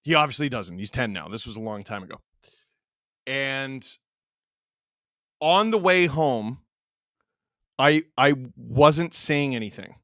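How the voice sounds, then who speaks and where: Bright-voiced man chatting with viewers. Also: medium pitch, slow pace, pauses often, dry recording, studio quality. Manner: animated storyteller, reads chat aloud, laughs often. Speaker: streamer host reading chat. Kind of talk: casual stream chat.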